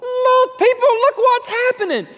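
A preacher doing excited people shouting for revival. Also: male voice, very high-pitched, a little slow, pitched above the performer's own voice. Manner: exclaiming, excited. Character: excited crowd of people calling for church. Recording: long hall reverb.

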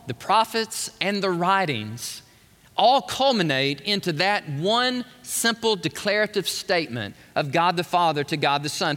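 A man preaching an emphatic, animated sermon to a live congregation, putting questions to the room. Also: high voice. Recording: long reverb of a large hall.

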